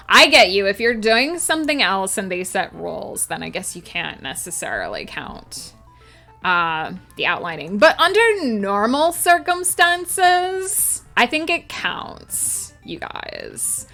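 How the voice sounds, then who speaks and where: Woman streamer, bright and unhurried, chatting with viewers over faint music. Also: mid-range voice, animated. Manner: chatty, reads chat aloud and answers viewers. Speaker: writer streaming her planning. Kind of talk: casual livestream chat with viewers.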